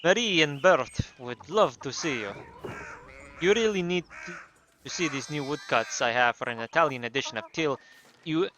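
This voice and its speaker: A man's voice: a little high, lively intonation, moderate pace, pushed and bright, a little hiss or hum. A man voicing a friendly, chatty middle-aged printer in a put-on New York accent, easygoing in his banter.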